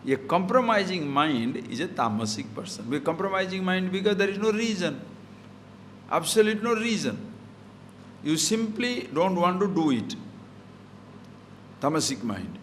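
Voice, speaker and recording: A man's voice: high-pitched, lively intonation, moderate pace, long pauses, fairly bright tone, slight background noise. A man giving a scripture talk, explaining Sanskrit verses with everyday examples and rhetorical questions. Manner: mixes Sanskrit verses into English. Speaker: spiritual teacher.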